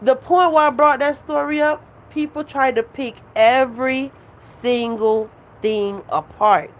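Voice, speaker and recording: A woman's voice: a little high, slow pace. A woman hosting her own live stream, venting at her critics in a casual, profane, emphatic way and repeating her points.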